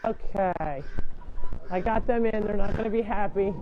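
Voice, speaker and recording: A woman's voice: mid-range voice, normal speed. A woman hosting a live farm sanctuary stream, chatting casually while she coaxes animals and explains barn chores. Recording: muffled lo-fi audio with faint noise.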